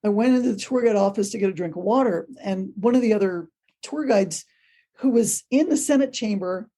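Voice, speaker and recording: A woman guest on a podcast, a ghost tour guide, telling stories in a casual, animated way. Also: medium pitch, brisk. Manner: animated, acts out quoted voices. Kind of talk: casual storytelling.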